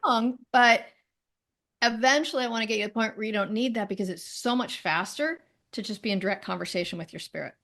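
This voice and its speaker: A woman being interviewed as a spiritual teacher, talking in a chatty, animated way and laughing often. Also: medium pitch, fast. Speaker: guest, medical intuitive and spiritual teacher. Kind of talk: conversational interview.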